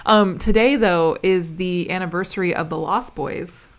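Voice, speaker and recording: A woman co-hosting a casual live stream, chatty and quick to tell family anecdotes. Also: fairly low pitch.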